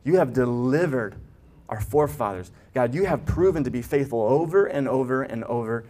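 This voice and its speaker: A man's voice: mid-range voice, expressive, normal speed, warm tone. A man preaching as a pastor, earnest, with restarts and emphatic rises. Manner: earnest, builds to emphatic peaks, stammers on restarts. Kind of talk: sermon.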